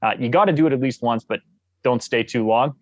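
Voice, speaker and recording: A man from Canada, a guest on a podcast, telling stories in a jovial, enthusiastic, animated way. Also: mid-range voice, fairly quick, no room sound, highs cut off. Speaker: guest, actor. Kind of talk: casual podcast interview.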